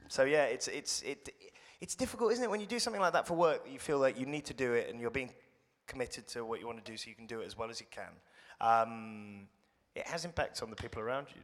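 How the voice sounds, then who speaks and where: A young British man speaks in a bright voice, pausing and restarting his sentences as he talks about himself with wry modesty. The sound rings out in a reverberant room. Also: medium pitch, expressive. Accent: British English. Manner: thoughtful, self-deprecating, rambling with restarts. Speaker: guest actor. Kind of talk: casual interview chat.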